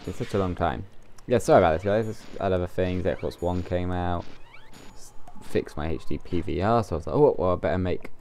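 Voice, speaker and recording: A man's voice: sits low, a little fast, darkish tone, a little hiss or hum. A man giving casual commentary while he plays a game, thinking aloud as he goes. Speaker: let's play gamer.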